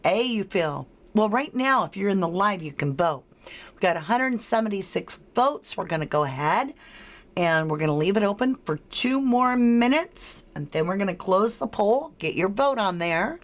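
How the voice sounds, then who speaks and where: A woman's voice: medium pitch, lively intonation. A woman hosting a true-crime livestream, chatting with viewers, reading their comments aloud and running a poll, laughing often. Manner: chatty and unhurried, laughs often, drawn-out words. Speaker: livestream host.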